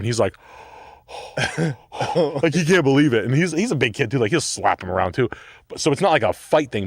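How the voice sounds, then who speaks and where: A man telling a profane story in casual chat, animated and swearing as he quotes himself and others. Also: medium pitch, dry recording, clean studio sound.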